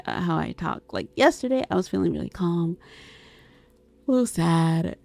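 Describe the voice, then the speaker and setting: A woman chatting casually on a live stream, reading chat aloud and answering it, giggly, with her voice swinging between squealing excitement and soft mumbling. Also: on the low side, gravelly, dry recording. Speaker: vtuber streamer.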